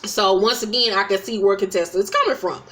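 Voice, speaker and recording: A woman's voice: medium pitch, a little fast, fairly bright tone. A woman recapping a reality show in a casual, profane, sassy way, often acting out the cast members' quotes in put-on voices. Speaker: recap host.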